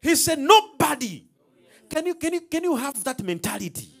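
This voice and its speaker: Lively high-voiced male preacher. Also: fast talker. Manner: emphatic, preacherly call-and-response, dramatic swings in loudness. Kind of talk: sermon.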